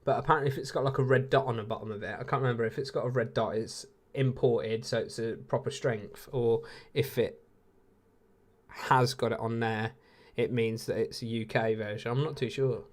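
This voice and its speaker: A man's voice: medium pitch, steady tone, moderate pace. A man in his late twenties with an English accent, hosting a casual live watch-along and chatting with viewers, laid-back and laughing often. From England. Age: 20s.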